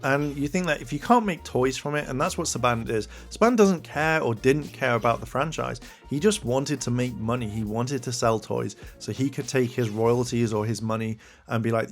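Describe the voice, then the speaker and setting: A man talks his way through his opinions in a loose, rambling style, leaning on fillers like "like" and "you know." His voice sits at a middling pitch, with faint music playing beneath it. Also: moderate pace, hardly any pauses. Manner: rambling, many fillers, rises in pitch when exasperated. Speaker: commentary channel host. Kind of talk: casual opinion commentary.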